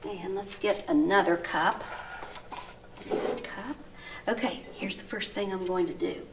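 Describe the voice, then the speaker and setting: Woman teacher, slow, gently coaxing young children, exaggerated sing-song read-aloud, distant mic with faint hum. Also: mid-range voice. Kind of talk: recorded lesson for young children.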